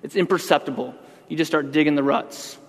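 A man's voice: fairly high pitch, brisk, gravelly, big-room sound. A man pastor giving a sermon, talking conversationally and then building to emphatic outbursts.

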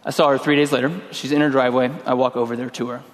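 A middle-aged man preaching a sermon in a relaxed, conversational way, telling a personal story and acting out his own lines. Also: medium pitch, racing. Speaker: pastor. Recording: long hall reverb.

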